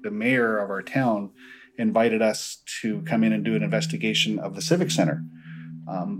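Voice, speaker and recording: On a rough recording, a man with a lowish voice, a paranormal investigator, earnestly recounts his investigations in an interview. He acts out the dialogue he quotes.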